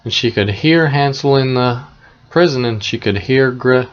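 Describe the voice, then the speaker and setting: A man retelling a fairy tale in a plain, conversational, unhurried way, with small asides to the listener. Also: mid-range voice, dull audio. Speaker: storyteller.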